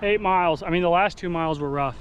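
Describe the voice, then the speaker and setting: A man talks in a slightly high voice, rambling and self-deprecating. He sounds sweaty and winded from running. He is recorded outdoors on a handheld phone with faint traffic noise behind him. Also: fast, muffled recording. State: sweaty, out of breath after running. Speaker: vlogger. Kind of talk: casual running vlog.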